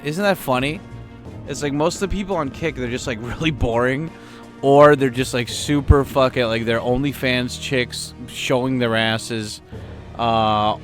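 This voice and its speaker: A man's voice: mid-range voice, a bit bright. A man streaming a game, chatting casually and rambling with lots of fillers and swearing. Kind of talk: casual gameplay commentary.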